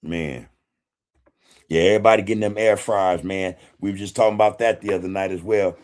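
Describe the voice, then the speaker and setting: A man's voice: sits low, fairly even intonation, fairly quick, a little mellow. A man hosting a casual livestream, reading chat comments in a laid-back way, swearing freely and chuckling often. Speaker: podcast host reading live chat.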